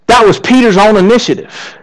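A man's voice: sits high, big pitch swings, fairly quick, low-quality recording. A male pastor preaching a sermon, asking the congregation rhetorical questions. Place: church.

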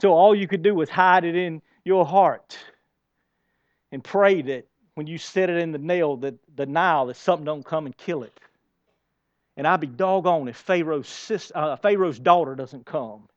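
A male preacher with a high voice delivers a sermon in church. He drifts between quiet, close talk and loud, emphatic bursts. The sound is dry and a bit dull and lo-fi. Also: moderate pace, dry recording. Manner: swings between soft and loud, emphatic storytelling. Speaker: pastor.

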